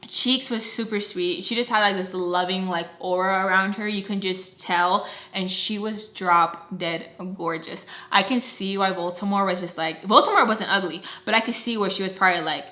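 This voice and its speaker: A woman's voice: mid-range voice, normal speed, few pauses, bright, forceful tone. A young woman telling a personal story in a casual, chatty way, full of "like" and acted-out quotes. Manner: chatty, lots of "like", acts out quoted lines. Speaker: storytime vlogger. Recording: roomy echo.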